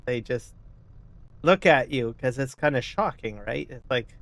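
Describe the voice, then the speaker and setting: A man streaming a farming game, chatting casually and rambling, often asking "right?" and clearing his throat. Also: mid-range voice, lively intonation, unhurried, fairly bright tone, no echo. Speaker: gaming streamer. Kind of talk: casual live-stream chat.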